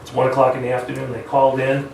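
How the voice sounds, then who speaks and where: A man's voice: mid-range voice, completely flat delivery, rapid-fire, vocal fry, a little mellow, a little hiss or hum. A man teaching a live sales training seminar, full of energy, acting out phone calls with clients and changing his speed on purpose. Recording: echoey room, mic at a distance.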